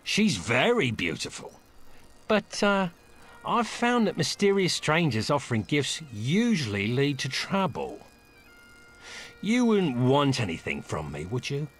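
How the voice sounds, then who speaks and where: A man's voice: mid-range voice, huge pitch swings, unhurried, a bit bright, slightly rough, exaggerated voice. An actor playing a wary, sardonic male bard in a video game, talking drily. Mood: suspicious. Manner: dry, suspicious.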